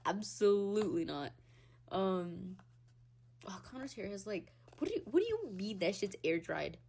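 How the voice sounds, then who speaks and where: A young adult Hispanic podcast host with a creaky, slightly rough voice rants solo in a casual, animated way. Swearing freely and laughing often, she jumps from loud squeals to low mutters with big swings in pitch and loudness.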